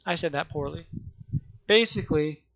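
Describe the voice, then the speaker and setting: A man with the hiccups explaining gameplay in a rambling, halting way, often restarting and correcting himself. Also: fairly high pitch, creaky, a bit bright. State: has the hiccups. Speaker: gaming video creator. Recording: muffled lo-fi mic.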